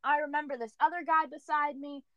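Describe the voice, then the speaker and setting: A young woman co-hosting a podcast, telling a story in animated casual chat full of "like" fillers. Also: high-pitched, brisk, dry recording. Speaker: podcast co-host.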